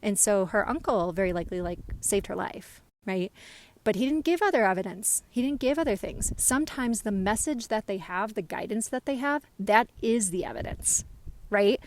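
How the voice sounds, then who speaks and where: Woman, spiritual medium, casual lesson, chatty, animated, mid-range voice. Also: medium pitch, normal speed. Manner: chatty, animated, frequent "like" and "right?".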